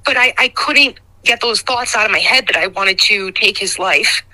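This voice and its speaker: A middle-aged woman giving a raw, emotional personal testimony as a guest, halting and recounting painful memories. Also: medium pitch, pushed and bright, poor audio.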